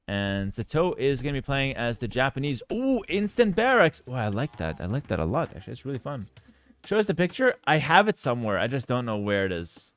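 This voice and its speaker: Animated talkative male game caster. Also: fairly high pitch, no echo. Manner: animated, talkative, many fillers and asides. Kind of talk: casual storytelling and esports commentary.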